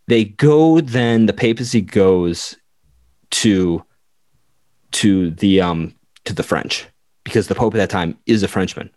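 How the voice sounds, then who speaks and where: Podcast co-host, man, fairly deep voice, loose chatty history telling, dry close sound. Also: normal speed, darkish tone, no room sound. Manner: rambling, full of "like", acts out quotes. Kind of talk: casual history storytelling.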